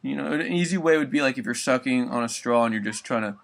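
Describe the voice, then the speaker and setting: A man's voice: medium pitch, fast, vocal fry. A young man giving a casual spoken vocal tutorial, rambling loosely and swearing often.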